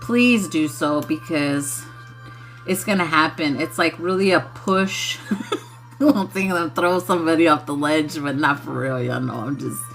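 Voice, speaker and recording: A woman talks loosely to her livestream viewers, laughing often between thoughts. Her voice has a bright, forward edge. She takes her time and speaks at an unhurried pace. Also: sits low, faint music behind. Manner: laughs often, loose and chatty, says y'all. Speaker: spiritual channeler on a livestream. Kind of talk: casual livestream talk.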